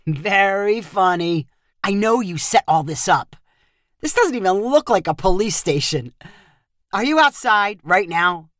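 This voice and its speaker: A woman's voice: mid-range voice, lively intonation, unhurried, fairly bright tone, no room sound, clean studio sound. A woman voicing a cocky young American man in a storybook reading, breezy and joking.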